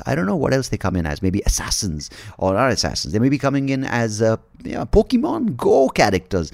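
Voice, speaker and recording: A man hosting his own podcast speaks in a low, gravelly voice that jumps up and down in pitch. He rambles through outlandish theories with crude jokes and turns mock-solemn like a storyteller. The sound is close and dry, with no room echo. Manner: rambling, jokey and profane, spinning wild theories; slips into mock-dramatic storyteller narration. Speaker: podcast host. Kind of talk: solo podcast monologue.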